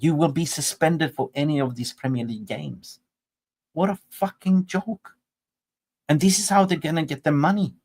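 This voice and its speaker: A man's voice: fairly high pitch, normal speed, a little mellow. Exasperated man hosting a fan channel. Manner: exasperated, repetitive, rhetorical questions. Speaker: football channel host. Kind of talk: reaction commentary.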